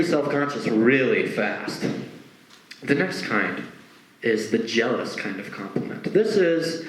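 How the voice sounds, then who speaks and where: A man's voice: mid-range voice, slow. Young guy doing stand-up, chatty with asides, voice bouncing all over, echoey room. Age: young adult. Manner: conversational, with frequent asides and lively acted quotes. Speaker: stand-up comedian. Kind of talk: stand-up comedy set. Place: stage performance. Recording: roomy echo.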